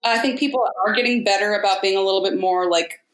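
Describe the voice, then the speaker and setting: A woman voice actor talking candidly in a casual interview, animated and quick to mimic people in her stories. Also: mid-range voice. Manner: candid, animated storyteller who mimics others. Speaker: voice actor guest. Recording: roomy echo.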